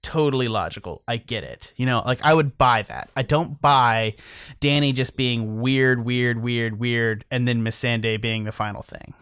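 A man's voice: mid-range voice, moderate pace, fairly bright tone, clean tone, no room sound, studio quality. A man co-hosting a casual podcast, rambling and cursing, often stopping mid-thought to correct himself. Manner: rambling, profane, self-interrupting. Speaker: podcast co-host.

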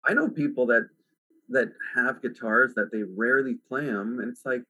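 A man hosting a podcast in casual chat, talking in a relaxed, rambling way with lots of filler words. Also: mid-range voice, normal speed, husky, no echo, low-quality recording. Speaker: podcast host. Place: at home.

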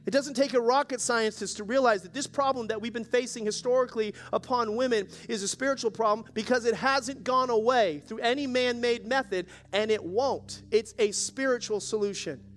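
High-voiced male pastor preaching. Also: a little fast, few pauses, fairly bright tone, a little hiss or hum. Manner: exhorting, calls for audience response. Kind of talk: sermon. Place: church service.

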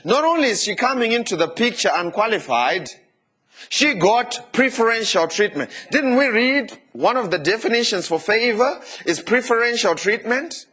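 A male pastor preaching a lively sermon, often turning to the congregation with asides and questions. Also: sits high, husky.

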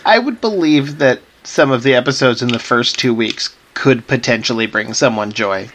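A man's voice: mid-range voice, normal speed, fairly bright tone, a little hiss or hum. A young man co-hosting a podcast, chatting casually and wryly. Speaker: podcast co-host. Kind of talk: casual chat.

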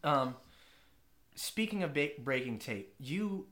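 A woman's voice: low voice, expressive, takes it slowly, fairly bright tone. A woman hosting an interview who mostly offers short, supportive interjections. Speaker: podcast host. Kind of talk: casual interview conversation.

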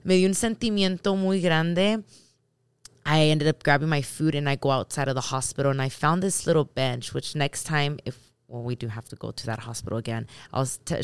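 A woman telling a personal story in a casual, animated way, talking straight to her viewers and her husband. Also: sits low, clean tone, no echo, studio quality. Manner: animated, talks straight to the audience.

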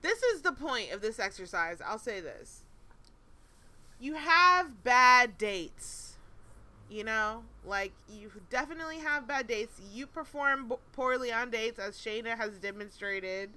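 A woman in her late twenties co-hosting a podcast, telling stories in a profane, animated way and laughing often. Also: fairly high pitch, normal speed, hardly any pauses. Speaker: podcast co-host. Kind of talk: casual chat, storytelling.

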